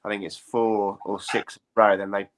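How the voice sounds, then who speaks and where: A man in casual football chat, talking in a chatty, opinionated way. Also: fairly low pitch. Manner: chatty, animated, quick to opinion.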